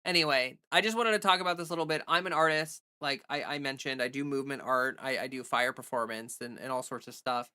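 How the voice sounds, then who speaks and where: A woman's voice: a bass voice, fast, hardly any pauses, sharp tone, clean tone. A woman livestreamer in casual, rambling chat who thinks aloud and thanks viewers for donations.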